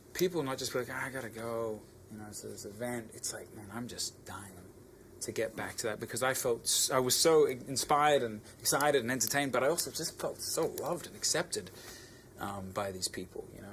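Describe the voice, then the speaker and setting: A man's voice: mid-range voice, vocal fry, fairly bright tone, slight background noise. An Australian man, a musician, talking through his thoughts in a casual interview with many restarts. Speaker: musician guest.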